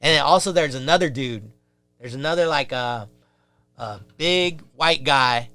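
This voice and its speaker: A man's voice: medium pitch, a little slow, sharp tone, smooth, no room sound. A man, a podcast guest, telling a rambling, casual story full of fillers and swearing.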